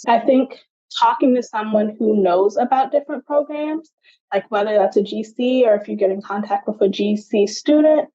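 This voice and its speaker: A woman's voice: fairly high pitch, normal speed, warm tone, lo-fi sound. A young adult woman, a genetic counselor, answering interview questions in a chatty way, often saying "like".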